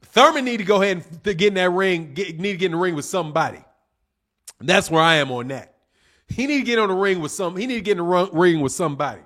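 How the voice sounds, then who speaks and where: A man with a fairly high speaking voice talks casually on a livestream. He is blunt and heated, full of slang, and he circles back to the same points again and again as he answers his chat. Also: lively intonation, fast talker, a bit bright. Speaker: boxing commentator reading live chat.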